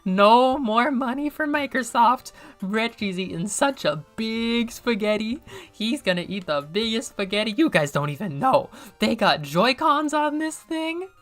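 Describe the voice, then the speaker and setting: Girl doing a frantic over-the-top critic guy, squeaky and loud, all over the place. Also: animated, unhurried. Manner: shrieking, over-the-top, breaking into laughter. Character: overexcited male video game critic, mock outrage.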